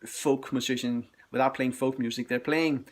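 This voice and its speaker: A man's voice: mid-range voice, steady tone, moderate pace. Guy rambling happily about his vinyl haul, casual and eager. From Denmark. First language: Danish. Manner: enthusiastic, chatty record reviews. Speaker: record collector vlogger. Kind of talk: casual chat.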